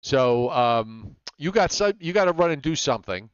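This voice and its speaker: Smooth-voiced man hosting a weather show. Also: medium pitch, normal speed, dry recording, lo-fi sound. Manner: relaxed, many "uh" fillers. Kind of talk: live weather broadcast chat.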